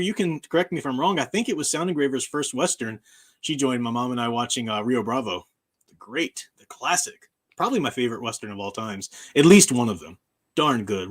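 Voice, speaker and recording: A man's voice: medium pitch, fairly bright tone. A man, a university professor hosting his own channel, talking in a casual livestream chat, emphatic and often laughing at his own remarks.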